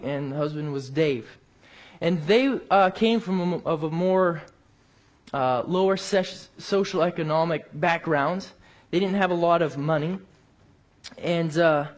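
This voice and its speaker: Preaching a sermon, a man with a slightly high voice shares a personal story, building to emphatic peaks and then falling quiet.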